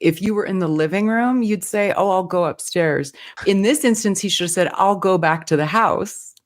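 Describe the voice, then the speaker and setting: A woman's voice: medium pitch, moderate pace. A woman co-hosting a casual film podcast, picking apart the details and word choices. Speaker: podcast co-host.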